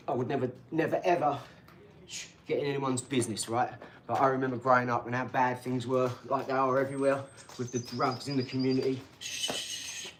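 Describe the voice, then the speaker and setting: A middle-aged man, hosting a casual livestream chat in a rambling, boastful, excitable way with lots of tag questions. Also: mid-range voice, slight background noise. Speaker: channel host reading viewer comments.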